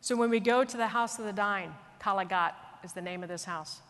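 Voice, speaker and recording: A woman's voice: medium pitch, brisk. Woman telling a story in an echoing hall. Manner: earnest, animated storytelling. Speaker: military leader giving a speech. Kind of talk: storytelling speech. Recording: long reverb of a large hall.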